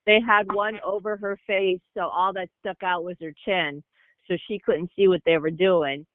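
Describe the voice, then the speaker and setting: A woman's voice: lowish voice, fairly even intonation, moderate pace, no echo. A middle-aged mother talking about her family in a plain, matter-of-fact way as a podcast guest. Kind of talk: casual family chat. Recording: tinny phone-like sound, dry.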